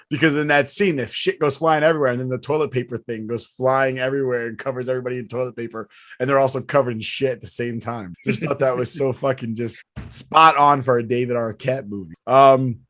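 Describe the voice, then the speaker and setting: A man's voice: medium pitch, fairly even intonation, fairly quick, a bit bright, no room sound, studio quality. A man hosting a casual podcast, rambling and swearing, laughing often as he talks. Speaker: podcast host.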